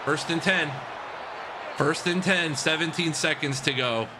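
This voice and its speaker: A man giving excited play-by-play commentary on a football video game he is playing, shouting and laughing. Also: a little high, measured pace, noisy background. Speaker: game streamer.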